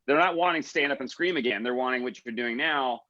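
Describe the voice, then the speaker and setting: A man's voice: medium pitch, fast talker, pushed and bright, dry recording. A man co-hosting a podcast, joking around and passing along viewer comments. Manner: jokey, relays viewer chat. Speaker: podcast co-host. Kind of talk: casual podcast interview. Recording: dry, dull lo-fi audio.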